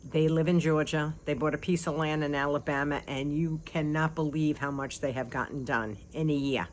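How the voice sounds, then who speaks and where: A woman's voice: low voice, moderate pace, slight background noise. Chatty older woman vlogging casually. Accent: non-local accent. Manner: chatty, lively, with frequent little laughs.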